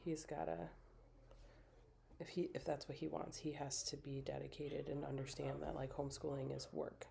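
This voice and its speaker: A woman's voice: sits low, little pitch movement, normal speed, creaky, mellow. A middle-aged woman chatting casually during a craft livestream, telling stories and acting out quotes. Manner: chatty, storytelling with acted-out quotes. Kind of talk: casual chat while crafting.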